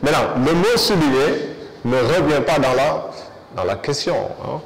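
A man's voice: on the high side, lively intonation, normal speed, long reverb tail, a loud crowd, poor audio. A man teaching an English review lesson, switching between English and with frequent fillers.

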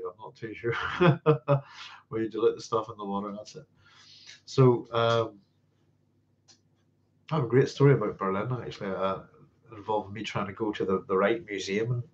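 Answering viewers' questions on a science fiction livestream, a man speaks in a lowish voice with a darkish tone. The chat is casual and meandering, packed with fillers and restarts, and he chuckles often. The recording sounds dull and lo-fi.

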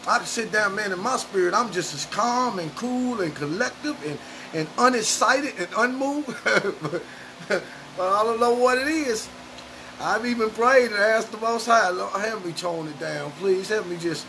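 Fiery high-voiced gravelly male preacher. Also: a little hiss or hum. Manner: loud and emotional, often shouting. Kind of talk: fiery street sermon to camera. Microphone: camera mic, speaking to camera.

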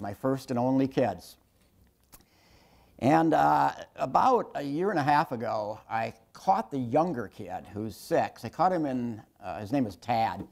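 A man in his sixties giving a public lecture told through stories, wry and self-deprecating, often halting and restarting his sentences. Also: medium pitch, creaky, a little mellow. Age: 60s. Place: lecture hall with an audience.

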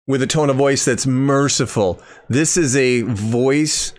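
A man's voice: medium pitch, takes it slowly, few pauses. A man commenting on a video clip, incredulous and critical, rambling and restarting his sentences.

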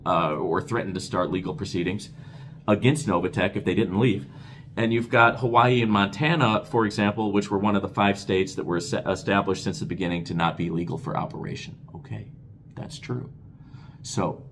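Man, low voice, casual Q&A vlog host. Excitable and expressive, chatty with viewers. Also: slight background noise. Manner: excitable, voice rises when excited; expressive, talks with his hands. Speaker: crypto channel host.

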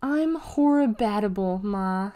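A woman's voice: medium pitch, animated, slow, dark tone. Woman reading as a grumbling stubborn young girl. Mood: glum. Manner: grumbling, blunt.

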